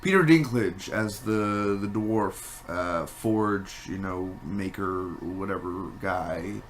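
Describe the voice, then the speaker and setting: A man giving a casual spoken movie review, rambling and animated, with many fillers and restarts. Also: low-pitched, takes it slowly, a little hiss or hum.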